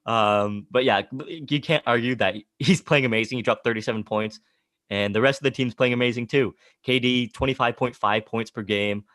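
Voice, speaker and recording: Excitable man chatting about sports. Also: medium pitch, normal speed, no room sound, clean studio sound. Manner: excitable, laughs often, retells his own reactions. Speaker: podcast co-host. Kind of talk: casual sports chat.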